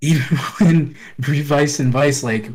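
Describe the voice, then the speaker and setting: A man's voice: medium pitch, moderate pace. Laughing, swearing man recapping a show. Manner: swearing, laughing, acting out quotes. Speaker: podcast co-host. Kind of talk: casual recap chat.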